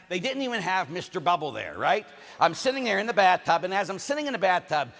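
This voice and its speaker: A man's voice: fairly high pitch, fairly bright tone, long reverb tail. A man from Pittsburgh with a Pittsburgh accent, preaching a sermon told as a jokey farm story, with big swings in volume.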